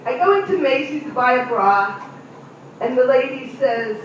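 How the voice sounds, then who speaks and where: A woman's voice: sits high, lively intonation, moderate pace, a little hiss or hum. A middle-aged woman doing a stand-up comedy routine, chatting directly with audience members in a live venue. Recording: distant, echoey, muffled room recording.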